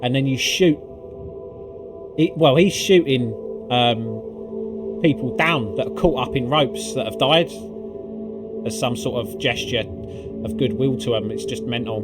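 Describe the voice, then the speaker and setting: A man's voice: mid-range voice, measured pace, pauses often. A man recapping a video game climb in casual commentary, swearing often and full of fillers. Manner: excitable and profane, swearing freely with lots of fillers. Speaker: gaming video creator. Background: background music.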